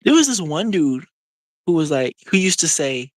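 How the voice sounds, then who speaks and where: Young adult streamer, casual live chat, animated and rambling, dry room. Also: medium pitch, no echo. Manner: rambling, full of "like" and quick laughs.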